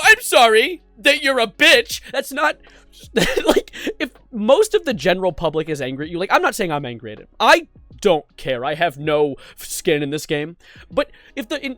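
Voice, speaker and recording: A man's voice: fairly high pitch, sing-song, brisk, no room sound, faint music behind. A man commenting on internet drama in a sarcastic, incredulous way, often breaking into laughter. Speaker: YouTube commentator.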